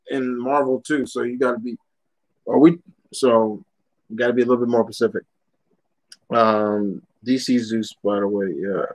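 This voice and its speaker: A man's voice: medium pitch, darkish tone, rough recording. A young man ranting bluntly and with animation while chatting casually on a live stream, swearing often as he answers viewers' questions.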